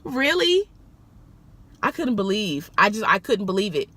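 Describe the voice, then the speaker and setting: In a casual vlog, a woman who drives for a rideshare service tells a story briskly, animated and profane, her voice jumping up high whenever she makes a point.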